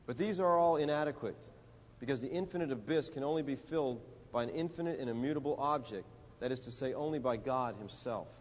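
A man preaching a sermon, telling a story and building to emphatic, rising lines with dramatic pauses. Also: medium pitch. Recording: dull audio in a reverberant hall.

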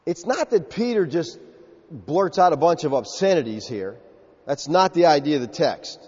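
Husky-voiced preacher in an echoey hall. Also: male voice, fairly high pitch, lively intonation, moderate pace, a little mellow, muffled recording. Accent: Southern US. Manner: emphatic, acts out quotes in character. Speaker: pastor. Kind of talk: sermon.

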